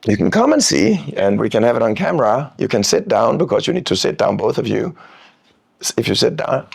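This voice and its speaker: A man coaching breath technique on a podcast, calm and demonstrative, drawing words out as he explains. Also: medium pitch, a little fast, gravelly, slightly rough. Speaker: freediving coach, guest. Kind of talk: instructional podcast talk.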